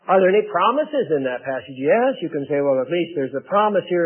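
A man's voice: high-pitched, big pitch swings, brisk, few pauses, breathy edge. A man preaching an earnest, conversational sermon and reading scripture aloud. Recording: narrow phone-like radio broadcast.

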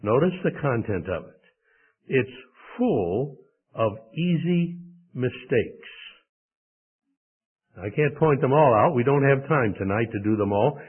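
A man's voice: mid-range voice, animated, slow, long pauses, husky. A male preacher from the United States delivering an emphatic sermon with rhetorical questions. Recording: tinny phone-like sound.

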